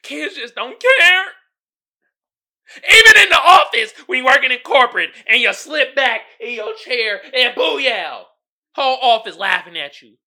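A man's voice: very high voice, pushed and bright. A man hosting a podcast in casual comedic chat, laid-back and slangy, laughing often and calling his listeners y'all. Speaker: podcast host.

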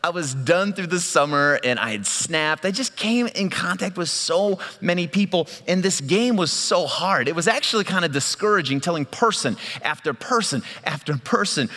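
A male pastor giving a sermon, telling a personal story in a lively way and laughing often. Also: sits high, moderate pace, hardly any pauses, big-room sound.

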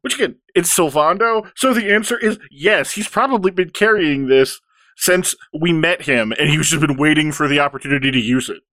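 A man's voice: a little high, moderate pace, sharp tone, dry recording. A young man co-hosting a podcast, adding dry, joking comments to a game recap, in a dry close recording. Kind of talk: casual game recap chat.

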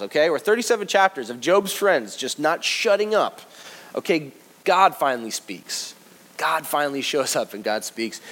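A man preaching a sermon to his congregation, lively and joking, talking straight to them. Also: on the high side. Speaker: pastor. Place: church service before a congregation.

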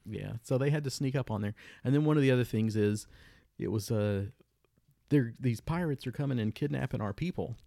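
Gravelly man recounting game anecdotes. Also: mid-range voice, fairly quick, mellow, no echo, clean studio sound. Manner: laid-back storyteller, chuckling through anecdotes. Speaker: podcast co-host. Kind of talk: casual chat about tabletop gaming.

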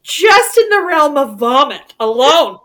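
A woman's voice: sits high, very animated, a little slow, fairly bright tone. A woman co-hosting a podcast in casual chat, reacting with short, sympathetic remarks. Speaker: podcast co-host.

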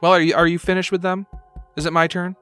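A man voicing a fussy small female gnome captain, high, clipped and indignant. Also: little pitch movement, fast, fairly bright tone, soft background music. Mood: brusque.

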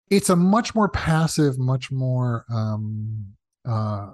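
A man's voice: mid-range voice, slow, no room sound, clean studio sound. A man talking casually as a guest about comedy writing, acting out the people he quotes. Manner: animated, acts out quoted voices. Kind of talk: casual storytelling in conversation.

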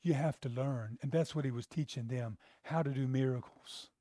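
A man preaching a sermon in a conversational way, acting out quotes and building to loud emphasis. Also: medium pitch, normal speed, no echo, clean studio sound. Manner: conversational, acts out voices, rising to loud emphasis.

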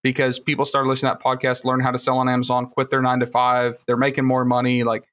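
Bright-voiced Southern man telling stories. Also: medium pitch, completely flat delivery, quick pace. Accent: Southern US (Alabama). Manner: rambling, enthusiastic storytelling with frequent fillers. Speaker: podcast guest, future host. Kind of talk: casual podcast conversation.

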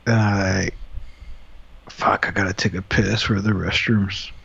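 A young man casually telling a story in profane, animated language, acting out what he said back then. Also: sits low, unhurried, vocal fry, breathy edge. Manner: profane, animated retelling with quoted asides. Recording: dull lo-fi audio.

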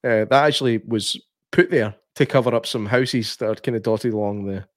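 A man's voice: on the low side, fairly quick, no echo. Dry-sounding chatty Scottish man. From Scotland. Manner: chatty, laughs often, many fillers and restarts. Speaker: podcast co-host. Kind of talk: casual film chat.

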